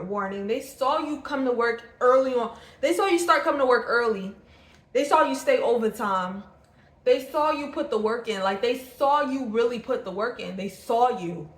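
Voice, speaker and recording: A woman giving an intuitive tarot reading, blunt and profane, circling back and repeating her points. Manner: acts out the other person's thoughts in a lower, quieter voice. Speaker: tarot reader. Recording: roomy echo.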